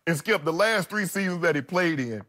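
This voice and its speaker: A middle-aged man co-hosting a sports debate show, arguing emphatically and repeating points slowly for effect. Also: fairly high pitch, expressive, bright, forceful tone.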